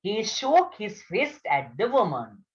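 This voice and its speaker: Very slow Sri teacher. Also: female voice, mid-range voice, big pitch swings. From Sri Lanka. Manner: slow, careful, repeats words for students. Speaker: English teacher. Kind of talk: reading a story aloud and drilling vocabulary. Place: online video class. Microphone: video call. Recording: dull lo-fi online class audio.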